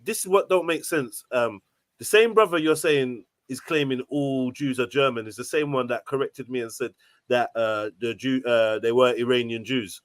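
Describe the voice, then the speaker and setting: A man's voice: mid-range voice, normal speed, no room sound. Blunt man moderating a panel. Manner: blunt, cuts in to calm the room. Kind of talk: moderating a heated live panel.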